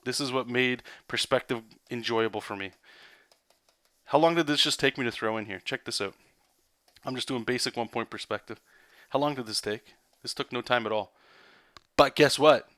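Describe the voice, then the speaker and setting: A man's voice: mid-range voice, moderate pace, pushed and bright, no room sound. A man, a comic artist, giving a loose, rambling live drawing lesson. He talks casually, swears, and keeps checking in with "right?" and "okay?".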